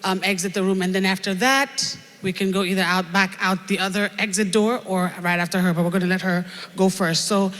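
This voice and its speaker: A woman's voice: mid-range voice, little pitch movement, a little fast, a bit bright. A woman emceeing a live event with a Nigerian accent, joking and playful, coining made-up words. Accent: Nigerian English. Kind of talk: live stage hosting. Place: large event hall. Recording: reverberant hall through PA.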